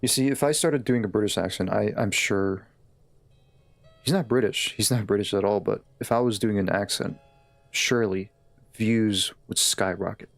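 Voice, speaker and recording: Streamer: a man with a low, gravelly voice, loose and joking, close and dry. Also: normal speed, dry recording, soft background music. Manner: chatty, joking, laughs often. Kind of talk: casual gameplay commentary.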